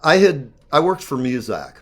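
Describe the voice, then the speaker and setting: Give me a man in his fifties rambling through a funny story, with a lively, swinging voice. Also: a little high, normal speed. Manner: rambling, animated, swears and laughs while telling stories. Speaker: talk show guest. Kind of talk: casual storytelling chat.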